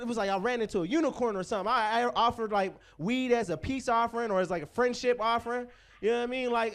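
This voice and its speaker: A man's voice: extremely high pitch, fast. A man in his twenties from Pittsburgh, hosting a stand-up show with loose, profane banter and crowd work. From Pittsburgh, USA. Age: 20s. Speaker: comedy show host.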